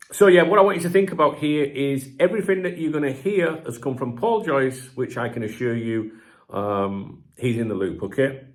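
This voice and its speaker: Chatty man reading football news. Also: medium pitch. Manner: chatty and digressive, with frequent fillers and rhetorical asides; blunt, occasional swearing. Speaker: football channel host. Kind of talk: reading news aloud with casual commentary.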